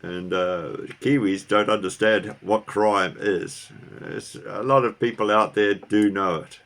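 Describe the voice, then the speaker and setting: A man's voice: lowish voice, steady tone, a little slow, fairly bright tone. A middle-aged man vlogging casually, rambling and often asking his viewers questions. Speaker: car vlogger. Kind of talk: casual talk to camera. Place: New Zealand.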